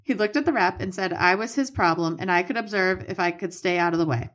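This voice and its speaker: A woman's voice: fairly low pitch, quick pace, fairly bright tone. A woman with a Boston accent, co-hosting a podcast and reading listener letters aloud in a plain, matter-of-fact way. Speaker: podcast co-host.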